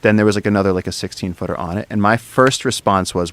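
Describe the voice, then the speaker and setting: A man guesting on a podcast, telling an adventure story in an excitable, rambling way, dropping to a whisper when he quotes people. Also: on the low side, fast talker, a little hiss or hum. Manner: excitable, drops to whispers for quoted speech, lots of fillers. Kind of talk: animated storytelling in conversation. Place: podcast studio.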